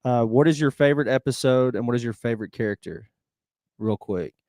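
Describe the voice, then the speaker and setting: A laid-back man chats on a live-streamed podcast, tossing in asides and reading viewer questions aloud. His voice is at an average pitch for a man. It is recorded dry and close, with no echo. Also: fairly quick. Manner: relaxed, reads chat comments aloud. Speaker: podcast co-host. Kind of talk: casual live-stream chat.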